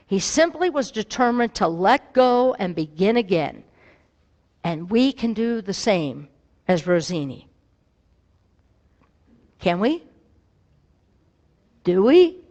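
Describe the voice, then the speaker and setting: A woman pastor giving a gentle, reflective sermon and telling a story to her congregation. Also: sits high. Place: church sanctuary. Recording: long reverb in a hall.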